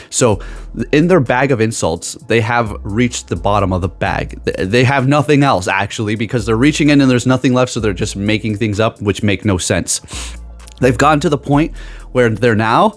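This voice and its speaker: A man's voice: on the low side, normal speed, faint music behind. A man talking into a USB microphone, giving gaming tips and joking animatedly about his critics in a casual vlog. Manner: animated, jokey, ranting about haters. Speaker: gaming YouTuber.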